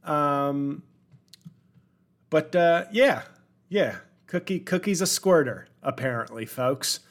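A man's voice: fairly high pitch, slow pace. A man in his forties hosting a comedic solo podcast, rambling and self-deprecating, with wry asides to his listeners. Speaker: podcast host.

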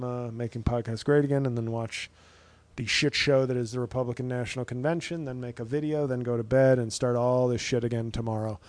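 A man's voice: mid-range voice, darkish tone, no echo. A man in his thirties, a stand-up comedian hosting his own podcast, rambling through a profane, wry solo monologue.

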